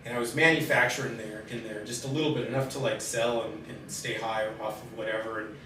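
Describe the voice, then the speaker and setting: A middle-aged man telling his own life story in a halting, candid way, with many pauses and fillers. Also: lowish voice. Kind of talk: personal storytelling in conversation. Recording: very echoey room, distant mic, steady background noise.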